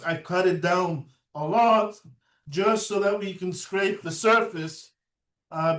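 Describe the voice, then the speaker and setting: A man lecturing at a slow, deliberate pace, his voice sitting notably high for a man. He keeps checking in with the listener with a questioning "right?" and fills gaps with "uh". He is picked up from some distance in an echoey room. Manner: unhurried, often adds a questioning "right?" and "uh". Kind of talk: recorded lecture.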